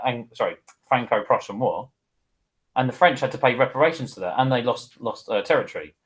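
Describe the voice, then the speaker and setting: A man's voice: medium pitch, rough recording. A man giving an informal, chatty history lesson, often checking in with the viewer and wandering off on tangents. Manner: chatty, digressive, addresses viewer with "okay?". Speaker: history teacher.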